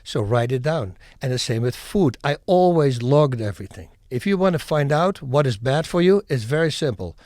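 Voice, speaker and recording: A middle-aged man from the Netherlands, telling stories as a podcast guest in an animated, emphatic way and acting out scenes. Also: medium pitch, moderate pace, hardly any pauses, dry recording, clean studio sound. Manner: animated, emphatic storyteller who acts out scenes. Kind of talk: podcast interview storytelling.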